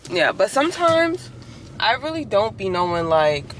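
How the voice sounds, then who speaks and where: A woman's voice: mid-range voice, very animated, unhurried, noisy background. A young woman telling stories in a chatty, opinionated way in a casual vlog, with lots of "like". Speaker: vlogger.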